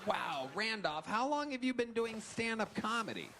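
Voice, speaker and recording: A man's voice: high-pitched, big pitch swings, moderate pace, noisy background. A man hosting a live comedy show, interviewing a comedian in a teasing way and laughing often. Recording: live club recording with crowd.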